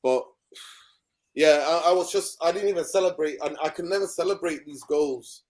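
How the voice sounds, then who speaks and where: A man giving a casual football rant as a guest, animated and exasperated. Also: fairly high pitch, moderate pace. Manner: ranting, animated. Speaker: guest pundit.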